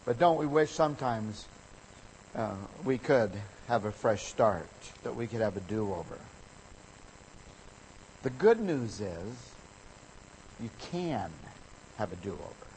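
A man's voice: lowish voice, slow pace, long pauses, a little hiss or hum, low-quality recording. Man preaching a sermon, storytelling. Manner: storytelling, animated with voices for quoted people. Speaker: pastor.

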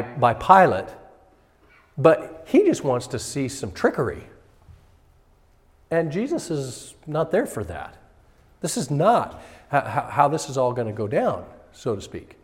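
A man's voice: mid-range voice, darkish tone. A male pastor preaching a sermon in a conversational way, sometimes acting out what people in the story say. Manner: conversational, acts out characters' voices. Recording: hall reverb.

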